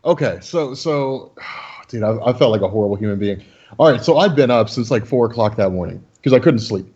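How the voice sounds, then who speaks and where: A man, a podcast co-host, telling a story in animated casual chat. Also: mid-range voice, brisk, husky, lo-fi sound.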